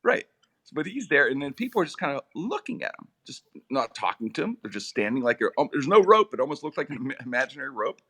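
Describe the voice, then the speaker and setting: A middle-aged man, a radio personality, telling comic stories in a lively, animated way. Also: fast talker. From Pittsburgh area, USA. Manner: lively, comic, with big swings in pitch. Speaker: radio personality and podcast host, guest. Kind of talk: animated storytelling.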